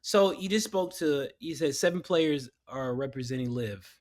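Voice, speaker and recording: A man co-hosting a podcast in casual chat, excitable and conversational. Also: a little high, moderate pace. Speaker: podcast co-host.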